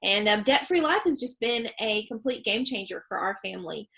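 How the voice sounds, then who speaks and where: A woman's voice: medium pitch, lively intonation, moderate pace, creaky, bright, forceful tone. A woman co-hosting a webinar from home over a video call, upbeat and chatty, with frequent ums and laughs. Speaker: webinar co-host. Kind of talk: casual presentation.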